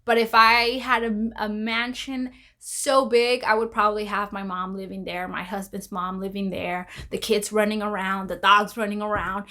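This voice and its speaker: A woman with a rather high, bright voice talks in a casual commentary vlog. She rambles and repeats herself, often exclaiming. Her tone is crisp and forceful. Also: steady tone, normal speed. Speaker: vlogger.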